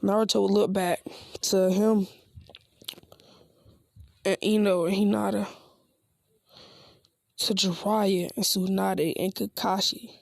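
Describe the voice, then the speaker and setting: A woman tells a homemade fan story in a loose, rambling, slang-filled way. Her voice is husky with a gravelly edge, and the recording is dry and close. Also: mid-range voice, level tone, slow pace, pauses often, no room sound. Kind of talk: casual spoken fan story.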